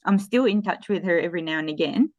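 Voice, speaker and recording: A woman from the Philippines in her forties chats as an interview guest. Her voice sits a little low, and the sound is close and dry with no room around it. She tells stories in an animated way, often stopping and starting over. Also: quick pace, no room sound, highs cut off. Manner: animated storytelling with frequent restarts. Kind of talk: casual interview chat.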